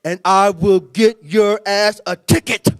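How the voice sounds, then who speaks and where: A man's voice: high-pitched, steady tone, a little slow, smooth. A man quoting an angry old coach. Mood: scolding. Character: stern, angry older male football coach.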